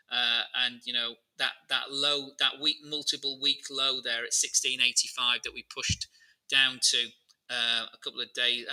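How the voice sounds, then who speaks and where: A man's voice: mid-range voice, poor audio. A man hosting a live market analysis stream, chatting informally and answering viewer questions as he talks through charts. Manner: many fillers and restarts, relaxed and informal.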